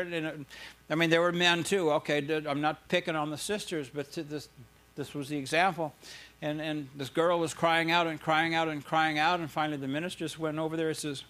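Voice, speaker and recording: A man's voice: on the high side, level tone, a little fast, a bit bright. A man preaching a sermon, telling stories in an earnest way and building to fervent emphasis. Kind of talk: sermon with storytelling.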